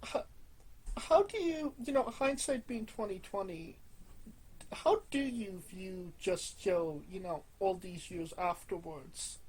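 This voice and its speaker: A woman hosting an interview, asking slow, hesitant questions. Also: mid-range voice, animated, darkish tone, breathy edge, rough recording. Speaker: interview host.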